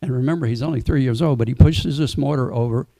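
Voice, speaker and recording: Man, sermon storyteller, gravelly, mellow, dry close sound, relaxed, asks the audience questions. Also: medium pitch, fast talker, dry recording. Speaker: speaker at a temple Sunday program.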